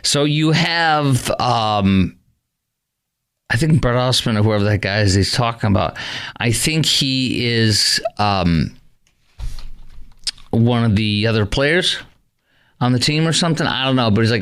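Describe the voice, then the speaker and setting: A man's voice: medium pitch, normal speed, a bit bright. A man hosting a radio talk show, rambling with many fillers and sounding indignant.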